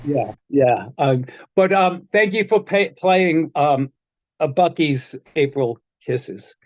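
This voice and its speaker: A man's voice: on the high side, expressive, slow, no room sound, lo-fi sound. An older man, a guitar technician, telling rambling stories in casual chat, often chuckling and restarting his sentences.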